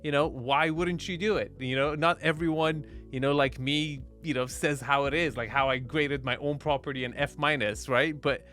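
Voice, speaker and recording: A man's voice: fairly high pitch, fairly even intonation, moderate pace, few pauses, fairly bright tone, faint music behind. Wry man reacting with laughs. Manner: wry, laughs often, stumbling restarts. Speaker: real estate commentator reacting to a video. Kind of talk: casual reaction commentary.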